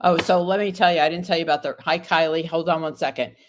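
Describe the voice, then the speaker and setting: On a live stream, a woman reads tarot cards while recovering from an illness, reading viewers' questions aloud and answering each one card by card. Her voice is low with fairly even intonation and a quick pace. There's slight background noise.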